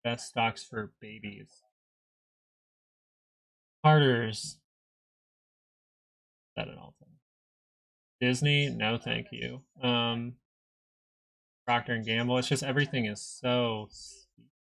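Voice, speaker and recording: A man's voice: medium pitch, fairly even intonation, slow, creaky, long pauses, a bit bright, no echo. A young man hosting a live stock market stream, chatting casually and reading viewer comments aloud. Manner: chatty, rambling, reads chat aloud. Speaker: stock market livestream host.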